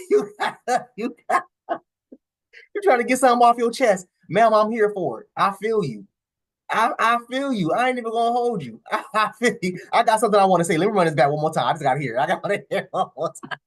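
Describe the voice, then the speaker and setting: A man with hosting a reaction video, animated and emphatic, laughing and swearing as he comments. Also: high-pitched, fast, breathy edge.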